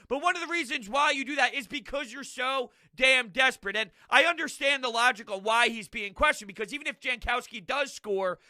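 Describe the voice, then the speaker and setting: Fan-channel host, young man, sharp and dry-sounding, loud exasperated game recap. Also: very high voice, dry recording. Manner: exasperated, loud, frequently shouting. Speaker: sports fan video host.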